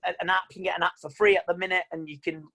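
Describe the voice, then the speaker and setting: A man's voice: high-pitched, rapid-fire, creaky, poor audio. Chatty man coaching online. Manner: animated, chatty, quotes people in mock voices. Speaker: mind coach. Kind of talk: online seminar talk. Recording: video call audio.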